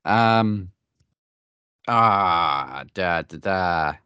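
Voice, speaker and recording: A man answering wrestling trivia in a casual podcast chat, laid-back and quick to laugh. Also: sits low, expressive, bright, forceful tone, smooth, no room sound, dull audio. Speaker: trivia contestant.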